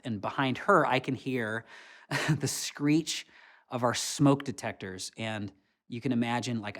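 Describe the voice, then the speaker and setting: A man telling a personal story in a conversational motivational talk, with casual fillers. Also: mid-range voice. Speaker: speaker giving a motivational talk.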